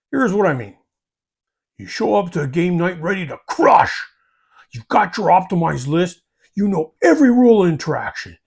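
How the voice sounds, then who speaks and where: High, lively man, gravelly. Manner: folksy and teasing, tags lines with slangy asides. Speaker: hobby channel host. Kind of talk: scripted comedic advice talk.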